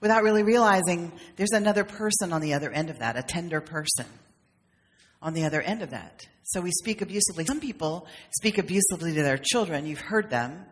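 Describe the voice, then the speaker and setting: A woman's voice: fairly low pitch, lively intonation, a little fast. A woman minister giving a conversational, humorous sermon, with playful acted asides. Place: church sanctuary. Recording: long reverb of a sanctuary.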